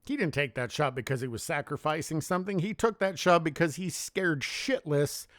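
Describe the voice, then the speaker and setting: A man's voice: a little high, moderate pace, few pauses, a bit bright, no echo, studio quality. A man delivering a heated, profane solo rant as a sports commentary vlogger, scornful and blunt. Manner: heated, profane, contemptuous ranting.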